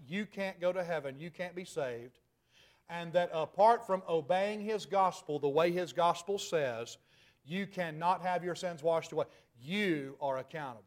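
Middle-aged male preacher, high-pitched, emphatic, pushes to loud peaks. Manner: emphatic, rhetorical questions, rising to loud peaks. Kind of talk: sermon.

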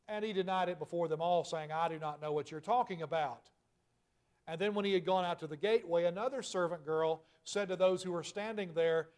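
High-voiced man preaching a sermon. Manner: earnest, reads scripture then explains it; rises in pitch and volume at emphatic points.

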